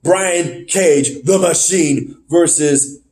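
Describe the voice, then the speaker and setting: A man hosting a casual review podcast, rambling, correcting himself mid-sentence and getting excited. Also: on the high side, drawn-out words. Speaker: podcast host.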